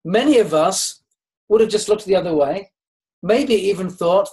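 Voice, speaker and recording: High-voiced man giving a measured motivational talk. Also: animated, darkish tone, rough recording. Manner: unhurried, with pauses and restarts; acts out quoted dialogue in his stories. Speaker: network marketing trainer.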